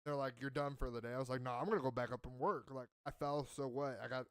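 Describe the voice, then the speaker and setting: A man's voice: medium pitch, flat delivery, fast, fairly bright tone, smooth, dry recording. A man in mid register spins a long, rambling story in a casual chat and acts out the voices of the people in it. The sound is dry, with no room around it. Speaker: podcast host.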